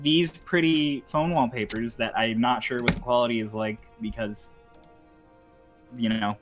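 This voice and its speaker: A man joking around in a relaxed group call, ribbing his friends and laughing easily. His pitch sits in a middle range. Soft music plays faintly behind him. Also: unhurried. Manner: teasing, joking, laughs often. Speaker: show regular. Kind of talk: casual group chat on stream.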